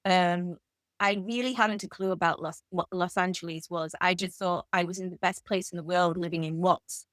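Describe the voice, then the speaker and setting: An English woman in her fifties, a guest author in an interview, telling lively anecdotes. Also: on the low side, moderate pace, dry recording. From England. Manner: animated anecdotal storytelling. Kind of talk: conversational interview.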